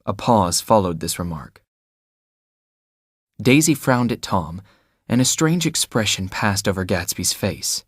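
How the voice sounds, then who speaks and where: Low-voiced man narrating an audiobook. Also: slightly rough, no echo, clean studio sound. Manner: steady, measured storytelling. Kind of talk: scripted narration.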